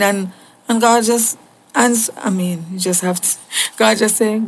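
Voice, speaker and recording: Woman doing a slow bible devotional, kinda gravelly, earnest and chatty. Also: mid-range voice, steady tone. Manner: slow, earnest, conversational, with casual asides. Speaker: Bible teacher.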